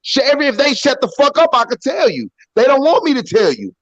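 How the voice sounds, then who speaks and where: A man's voice: very high-pitched, wildly swooping pitch, fast talker, fairly bright tone, no room sound, muffled recording. An American man telling his side of a story on a call-in panel show, profane and insistent, talking over the others. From United States. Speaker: panel guest. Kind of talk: heated call-in panel talk.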